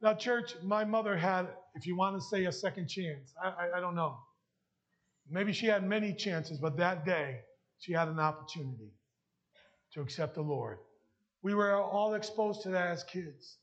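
A man's voice: high voice, moderate pace, highs cut off. A man preaching a heartfelt sermon and sharing his testimony, emotional at times. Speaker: pastor.

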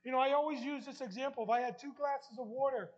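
A man's voice: very high voice, fairly even intonation, quick pace, dull audio. A man with a New Jersey accent preaching a sermon as pastor, emphatic, repeating key lines and putting questions to the congregation.

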